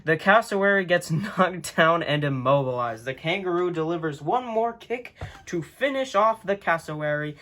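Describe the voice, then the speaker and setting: Young male vlogger, slightly high voice, playful and self-amused, casual play-by-play narration. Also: sing-song, normal speed, fairly bright tone. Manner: playful, laughs at his own slips and jokes. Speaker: channel host. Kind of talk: casual narration of a book-based animal tournament.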